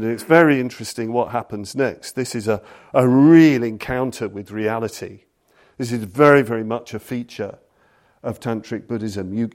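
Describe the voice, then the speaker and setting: A man lecturing on Buddhism, telling a story slowly and deliberately and reading passages aloud. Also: medium pitch, darkish tone.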